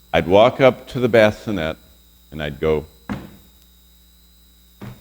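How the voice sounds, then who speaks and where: A man in his sixties, a pastor teaching a Bible lesson to a room of college students, telling stories and asking the class questions. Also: sits low. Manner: storytelling, quizzes the audience with questions.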